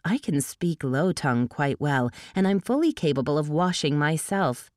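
A woman doing a stubborn young human heroine, blunt, prickly, low dry voice, storybook reading. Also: lively intonation, normal speed, a little mellow, no echo.

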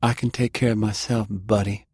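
A man's voice: on the low side, level tone, moderate pace, darkish tone, breathy edge, no echo, clean studio sound. A man voicing a tough, mocking woman fighter in an audiobook. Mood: taunting. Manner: mocking and cocky. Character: tough, brash superstrong woman brawler.

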